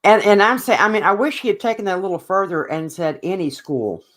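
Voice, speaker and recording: Co-host, mid-pitched, ranting hard about sports in loose podcast chat. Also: quick pace, a bit bright. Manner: opinionated, ranting.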